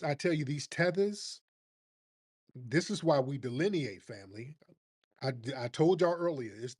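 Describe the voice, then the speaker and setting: A man hosting a live online audio room, talking in a mocking, combative way and calling listeners family. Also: medium pitch. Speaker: host. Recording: remote live-stream audio.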